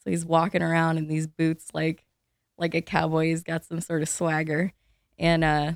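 A woman in her thirties chatting casually as a co-host, a lively storyteller who laughs between her sentences. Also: deep voice, moderate pace, gravelly, no room sound, studio quality. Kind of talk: casual chat.

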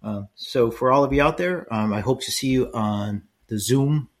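A man's voice: mid-range voice, moderate pace. An older man hosting a solo podcast, talking casually and rambling, often checking in with "right?" and lots of fillers. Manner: conversational, rambling with frequent "right?" tags and fillers. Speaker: podcast host.

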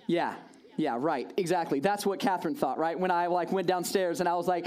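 A man's voice: a little high, fairly quick, a little mellow. A man giving a storytelling sermon to a congregation, casual and chatty, with lots of "like" and "right?" asides to his listeners.

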